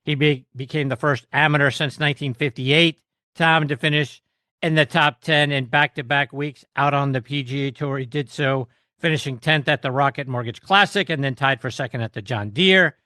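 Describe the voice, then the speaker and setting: A man's voice: mid-range voice, normal speed, pushed and bright, no room sound, studio quality. A middle-aged man hosting a golf podcast, introducing his guest and setting up topics with upbeat, emphatic delivery. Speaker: podcast host.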